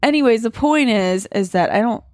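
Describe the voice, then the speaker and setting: A woman's voice: on the high side, lively intonation, moderate pace, a little mellow, no echo, studio quality. A woman co-hosting a casual podcast from home, rambling along with lots of fillers while lying on the floor. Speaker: podcast co-host.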